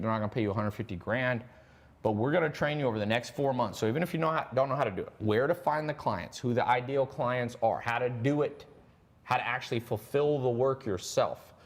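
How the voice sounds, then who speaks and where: Male host, mid pitch, fast and animated, cracking jokes while selling a training course on a live stream.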